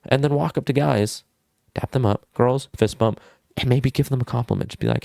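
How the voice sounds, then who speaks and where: A man's voice: medium pitch, fairly quick, vocal fry, warm tone, dry recording, studio quality. A young man vlogging casual social advice, goofy and full of swearing and fillers. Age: young adult.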